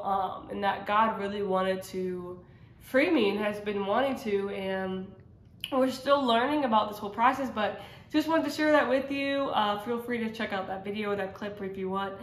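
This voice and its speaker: A woman's voice: medium pitch, moderate pace. A woman sharing a personal faith testimony in casual, earnest talk, rambling with many fillers and restarts. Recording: roomy echo.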